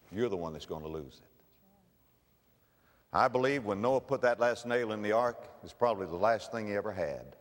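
A man preaching an impassioned sermon, swinging between loud appeals and hushed words. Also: lowish voice, animated, moderate pace, pauses often. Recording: echoey hall, long reverb.

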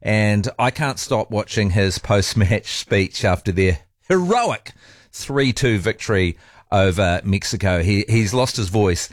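A man's voice: fairly low pitch, lively intonation, a little slow, no room sound, studio quality. A New Zealand man hosting a talk radio show, chatty and jokey. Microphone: studio microphone.

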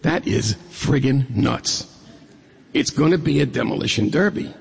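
Gravelly middle-aged man telling a story. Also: mid-range voice, a little slow, slight background noise. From New York State. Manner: humorous, lively storyteller who acts out dialogue. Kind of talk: personal storytelling talk. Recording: echoey hall reverb.

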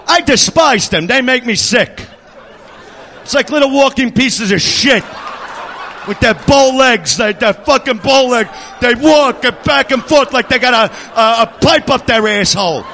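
A man's voice: very high-pitched, moderate pace, pushed and bright, a little hiss or hum. A man doing a profane, abrasive stand-up rant on a comedy club stage.

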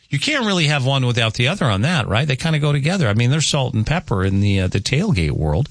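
A man's voice: medium pitch, sing-song, a little fast, dry recording. A man hosting a morning radio show, chatting casually, joking and reading listener texts aloud at a studio microphone.

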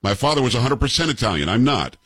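Fifties male host, combative and sarcastic, husky lively delivery, dry studio sound. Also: mid-range voice, quick pace, no echo. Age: 50s. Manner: combative, sarcastic, rhetorical questions. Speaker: commentary show host. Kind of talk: opinionated commentary on clips.

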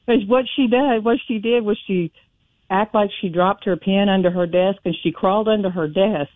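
A woman calling in to a radio talk show, telling a personal story in a chatty, animated way. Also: medium pitch, moderate pace, no room sound. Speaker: caller. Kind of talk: phone-in storytelling. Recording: tinny phone line.

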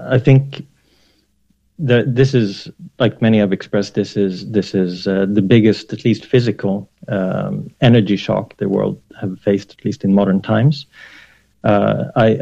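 Gravelly man on a dull remote line. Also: lowish voice, dark tone. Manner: hesitant, many fillers, careful wording. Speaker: economics professor guest. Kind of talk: radio interview answers by remote line.

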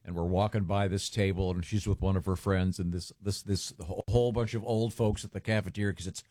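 Middle-aged male podcast host, low voice, loose rambling delivery. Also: a little fast, no echo, clean studio sound. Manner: relaxed, rambling with restarts. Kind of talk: casual chat.

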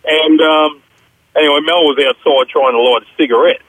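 A man's voice: fairly high pitch, fairly even intonation, moderate pace, a bit bright, husky, dry recording, poor audio. A man calling a radio show to tell a joke, hesitant with lots of ums. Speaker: caller. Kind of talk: phone-in joke telling.

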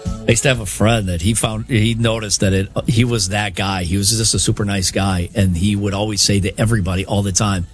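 A man's voice: lowish voice, steady tone, fairly quick, faint music behind. Man co-hosting a radio show, earnest. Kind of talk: casual on-air banter.

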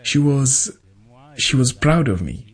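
A man giving a translated first-person voice-over in a calm storytelling manner. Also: medium pitch, slow pace. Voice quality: husky. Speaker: voice-over interpreter.

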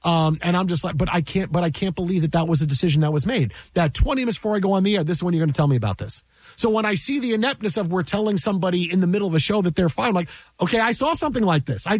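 Animated higher-voiced man telling a story. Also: husky, dry recording. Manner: exasperated, repeats himself, acts out quotes. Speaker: sports broadcaster telling a story.

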